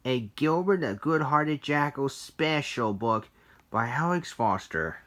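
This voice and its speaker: Slow, lively storybook reader. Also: medium pitch. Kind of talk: children's storybook reading.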